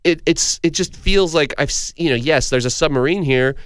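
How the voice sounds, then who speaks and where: A man with a somewhat higher voice, clean and smooth in tone, recorded close and dry with no room sound. He reviews a film in casual conversation, pausing, restarting and hedging as he works out his view. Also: a bit bright, dry recording. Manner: thoughtful, with frequent restarts and hedging. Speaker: film critic.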